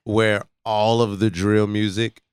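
A man earnestly lays out his theories in a casual chat. His voice is lowish and smooth. The sound is dry and close. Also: little pitch movement, slow, no echo.

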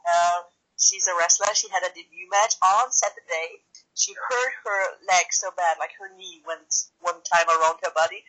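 A woman wrestler talks in an interview. Her voice is bright and clear, and her pitch sits in the middle. She tells her stories in an animated way and keeps checking in with "right?" as she goes. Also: poor audio. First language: German. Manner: animated, tags sentences with "right?" and "like". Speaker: professional wrestler. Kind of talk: casual interview storytelling.

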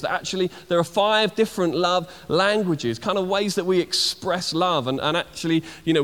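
A man preaching a conversational sermon, full of fillers and restarts, slowing down to stress key words. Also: high voice, fairly bright tone. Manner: conversational, many fillers and restarts, slows for emphasis. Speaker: pastor. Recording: long hall reverb.

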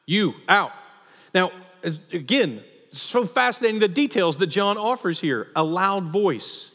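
A man preaching a sermon as pastor, conversational and animated, in a church sanctuary. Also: high voice, measured pace. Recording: long hall reverb.

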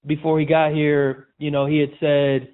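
A man's voice: on the high side, level tone, normal speed. A man as a podcast guest, chatting casually with frequent restarts and calling the host "man". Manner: casual, repeats and restarts, says "man" often. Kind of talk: casual interview chat. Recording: tinny phone-like audio.

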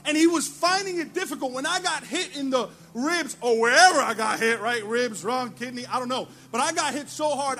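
High-voiced pastor preaching with animated stories. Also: male voice. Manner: animated storytelling, laughing at himself. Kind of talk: sermon.

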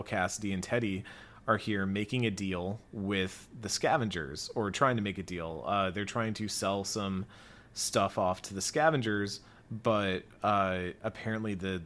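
Low-voiced man hosting a chat. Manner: relaxed, recaps the story at length. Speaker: podcast host. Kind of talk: casual chat.

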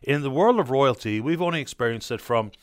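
A man hosting a call-in radio show from Newfoundland, explaining things in a measured way. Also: medium pitch, lively intonation, dry recording, studio quality.

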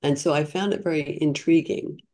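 In a casual storytelling interview, a podcast guest in her sixties speaks with a low, warm voice at a moderate pace and fairly even intonation. She's chatty and earnest, with many restarts.

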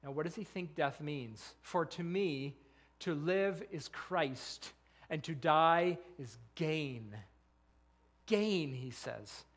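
Man, middle-aged, pastor, high-pitched, earnest sermon, rhetorical questions. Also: takes it slowly, a bit bright. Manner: earnest, quotes scripture, asks rhetorical questions.

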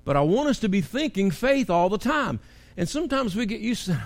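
A pastor preaching a sermon in a church, animated, with rising and falling emphasis. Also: male voice, high-pitched, brisk.

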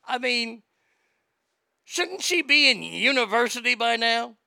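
A late-forties man hosts a live show in a crude comic rant, jumping from loud outbursts to low mutters. His voice sits high with a gravelly rasp and a sharp, bright edge. The sound is dry and close. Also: lively intonation, unhurried, dry recording. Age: late 40s. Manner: profane, mocking, swings between loud outbursts and mutters.

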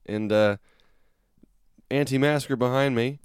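Smooth-voiced profane man telling a story. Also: medium pitch, measured pace, no room sound, studio quality. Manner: animated, profane, acts out quotes loudly. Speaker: podcast co-host. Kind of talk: casual storytelling chat.

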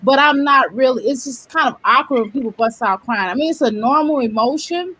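A woman in casual panel chat, animated and quick to laugh, acting out what she says to people. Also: high voice, husky, no room sound. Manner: animated, laughs easily, acts out quotes.

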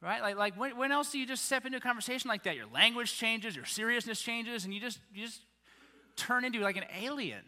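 A man's voice: very high-pitched, fast, long reverb tail. A man preaching a sermon, talking casually and acting out comic quotes to his congregation. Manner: conversational preaching, animated mock quotes. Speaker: pastor.

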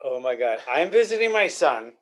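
A man's voice: mid-range voice, sing-song, moderate pace. An older man hosting a casual podcast, talking in a blunt, rambling, repetitive way. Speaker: podcast host.

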